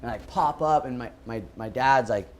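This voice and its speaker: A man's voice: mid-range voice, a little fast, a little hiss or hum. Casual pro surfer guest, male, Hawaiian upbringing, rambling anecdotes with acted-out quotes. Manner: laid-back, lots of "like" and "you know"; acts out voices in his stories. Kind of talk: casual storytelling.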